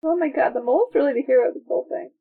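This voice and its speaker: A woman co-hosting a casual chat about a film she is watching, excitable and reading out her notes. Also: high voice, very fast, gravelly, breathy edge. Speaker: podcast co-host. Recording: tinny phone-like sound.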